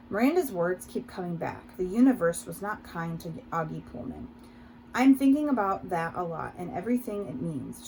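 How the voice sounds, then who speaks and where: Woman reading a novel, with vocal fry. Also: mid-range voice, a little mellow, a little hiss or hum, poor audio. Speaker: audiobook reader. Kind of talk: first-person audiobook narration.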